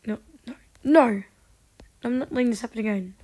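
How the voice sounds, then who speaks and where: A woman hosting a gaming channel, giving casual gameplay commentary with excitable, frustrated outbursts. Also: a little high, moderate pace, husky.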